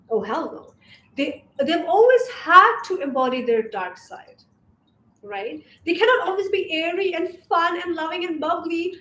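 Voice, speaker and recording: A woman's voice: high voice, a bit bright. A young woman from Asia, coaching on femininity in a casual vlog monologue, sassy and emphatic, swearing freely. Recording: roomy echo, faint background hiss.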